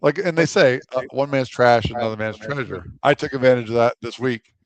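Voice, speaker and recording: A man co-hosting a talk radio show in casual chat, halting with fillers and laughing often. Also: medium pitch, lo-fi sound.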